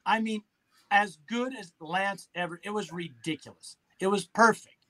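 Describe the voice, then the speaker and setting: Middle-aged man, high-pitched, animated anecdote teller. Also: moderate pace. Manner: animated storyteller who acts out quotes. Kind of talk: casual chat.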